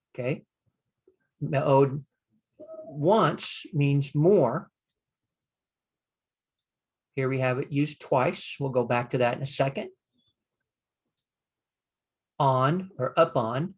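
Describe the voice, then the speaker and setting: An older man teaching a Bible Hebrew lesson, slowly sounding out Hebrew words and explaining them with frequent pauses. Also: medium pitch. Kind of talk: screen-share lesson.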